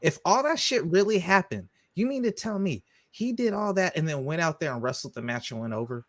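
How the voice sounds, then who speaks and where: A man co-hosting a podcast, talking wrestling in an animated, profane, emphatic way. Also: on the high side, fairly quick, no room sound. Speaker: podcast co-host. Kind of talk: casual wrestling chat.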